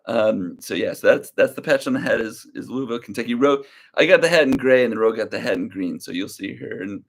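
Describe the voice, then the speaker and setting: A young man hosting a casual livestream, talking slowly and easily with a slight drawl, rambling as he reads viewer comments aloud. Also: lowish voice, creaky. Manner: slow, easygoing drawl. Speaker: livestream reseller host.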